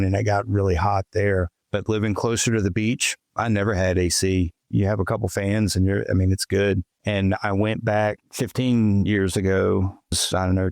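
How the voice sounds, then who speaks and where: Podcast host: middle-aged man, low voice, easygoing, dry close mic. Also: vocal fry, darkish tone, no echo. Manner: easygoing, conversational. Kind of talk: casual interview chat.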